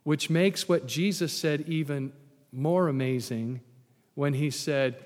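Male preacher, sermon, animated storytelling, dry sarcastic asides, fairly high voice, reverberant church hall. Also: moderate pace. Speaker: pastor.

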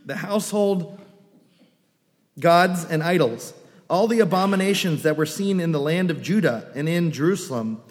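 A man preaching a sermon as pastor, animated, with joking asides and quoted voices. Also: on the high side, moderate pace. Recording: long reverb of a hall.

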